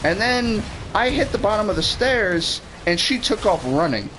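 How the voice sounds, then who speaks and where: A man tells a meandering story on a game stream, cursing casually and restarting his sentences. His voice sits slightly higher than most men's, with a faint background hiss. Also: lively intonation, moderate pace, a bit bright, poor audio. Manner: rambling, swears freely, restarts sentences. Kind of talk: casual storytelling while gaming.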